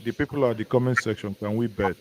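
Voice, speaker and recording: A man's voice: on the low side, crowd noise, rough recording. Nigerian man musing on a live stream. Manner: musing, halting, with many restarts. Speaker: guest commentator. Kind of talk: casual live discussion. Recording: faint background noise.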